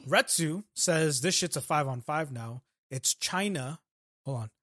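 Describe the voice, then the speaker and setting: Dude cohosting a podcast, cusses a lot, jokes around, bright lively voice, dry sound. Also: male voice, a little high, no room sound. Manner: profane, joking, slips into quick impressions. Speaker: podcast co-host. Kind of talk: casual chat recapping a show.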